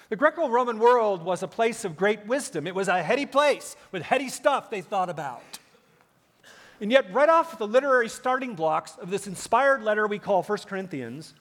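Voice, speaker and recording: A man's voice: high-pitched, fairly bright tone. A man in his fifties preaching a sermon as pastor, emphatic and full of rhetorical questions, with frequent "uh" fillers. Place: large church sanctuary. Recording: long hall reverb in a church.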